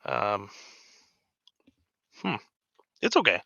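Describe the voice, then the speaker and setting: Chatty man with a bright, lo-fi voice. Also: fairly low pitch, huge pitch swings, very slow, vocal fry, no room sound. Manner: chatty and easygoing, laughs often. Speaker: live stream host. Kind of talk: casual live stream chat. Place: home hobby room. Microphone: desk microphone. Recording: slightly dull lo-fi sound.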